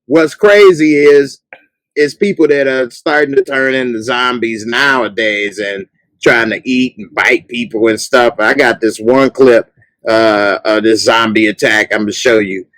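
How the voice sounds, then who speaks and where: A man hosting a casual talk show, chatting loosely and breaking into loud mock rants at characters on TV. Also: mid-range voice, unhurried, dry recording, rough recording. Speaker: podcast host. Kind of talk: casual chat.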